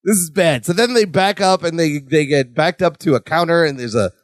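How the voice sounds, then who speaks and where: A man's voice: fairly high pitch, fairly quick, dry recording, clean studio sound. A man co-hosting a casual podcast, recapping scenes with quoted lines and laughter. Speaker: podcast co-host. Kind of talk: casual rewatch podcast chat.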